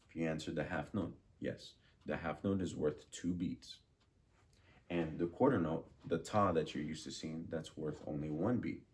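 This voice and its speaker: A man's voice: rumbling low, a little mellow. A man teaching a music lesson, patiently drilling rhythms and asking questions. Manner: slow, patient, repeats and drills words.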